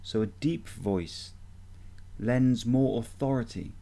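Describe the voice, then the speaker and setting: A man giving a measured, deliberate instructional talk as a voice coach. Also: medium pitch, dark tone.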